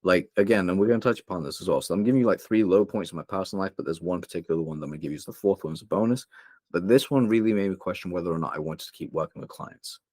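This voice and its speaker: A young man from England, a guest on a podcast, talks candidly about hard times in his life. His voice sits very low, and the close, dry recording keeps every word near. He rambles a little, with fillers and restarts. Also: very fast, darkish tone, no room sound. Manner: open, emotional, rambling with many fillers. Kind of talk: candid interview storytelling.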